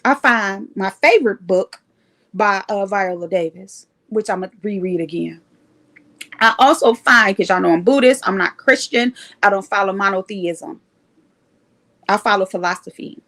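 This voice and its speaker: A woman hosting a casual live stream, telling a story in an animated, emphatic way. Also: medium pitch, normal speed. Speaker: livestream host sharing recovery story.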